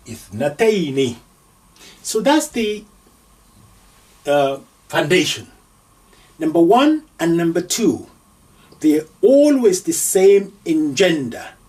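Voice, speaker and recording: A man teaching an Arabic grammar lesson, slowly sounding out words syllable by syllable as he writes them. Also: on the high side, darkish tone, recorded from a distance. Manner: slow, deliberate, sounding out syllables.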